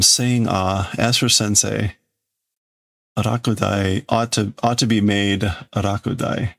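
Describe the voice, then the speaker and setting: A man translating a comic live on stream, thinking aloud in a halting, hesitant way full of restarts. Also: lowish voice, steady tone, gravelly, a bit bright.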